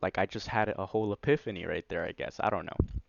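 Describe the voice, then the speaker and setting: A man telling a personal story on his vlog in a casual, rambling way, full of "like" and "you know", excited as he recounts it. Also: low voice, quick pace, gravelly. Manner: excited, animated retelling. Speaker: vlogger. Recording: dry, slightly dull lo-fi recording.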